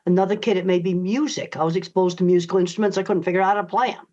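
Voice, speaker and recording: A woman's voice: fairly low pitch, steady tone, very fast, dark tone. An older woman answering interview questions in a blunt, emphatic, direct way. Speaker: guest author. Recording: dull lo-fi audio.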